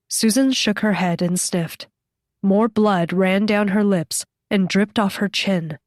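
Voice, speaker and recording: Slow, measured woman audiobook narrator. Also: mid-range voice, no echo, clean studio sound. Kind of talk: scripted narration.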